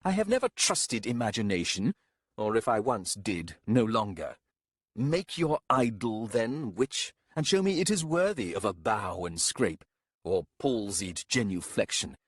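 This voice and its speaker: A stern, scornful skeptic, voiced by a male audiobook narrator who lectures with blunt certainty. His delivery is slow, and his pitch moves a lot. The voice is husky and dry, recorded close. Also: sing-song, dry recording, exaggerated voice. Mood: lecturing. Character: stern, scornful rationalist man. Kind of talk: audiobook character voice.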